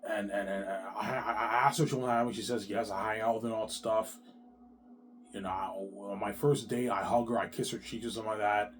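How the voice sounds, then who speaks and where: A man's voice: fairly low pitch, fairly even intonation, fast talker, a little hiss or hum. A man talking on his own in a long, rambling, repetitive monologue, with heavy swearing and slang. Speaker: vlogger.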